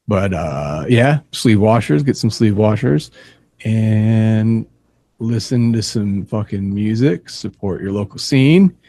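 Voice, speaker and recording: A man's voice: lowish voice, expressive, slow, warm tone, no echo. A man from upstate New York co-hosting a casual podcast, making dry jokes and teasing his guests. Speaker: podcast co-host.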